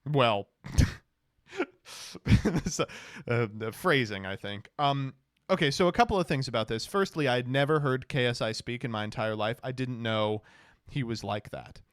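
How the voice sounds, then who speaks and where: A man's voice: mid-range voice, measured pace, smooth, no room sound, clean studio sound. A man streaming casual reaction commentary, sarcastic and laughing often, with plenty of swearing. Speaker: streamer reacting to clips and tweets.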